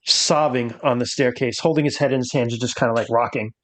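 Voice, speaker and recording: A man's voice: mid-range voice, quick pace. Easygoing man narrating as game master. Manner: relaxed, hesitant with many fillers.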